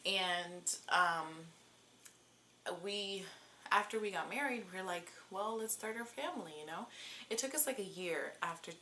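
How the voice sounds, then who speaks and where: A woman's voice: mid-range voice, measured pace, pushed and bright, slight background noise. A woman in her twenties telling a personal story in a casual, chatty vlog, with many fillers. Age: 20s. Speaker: vlogger.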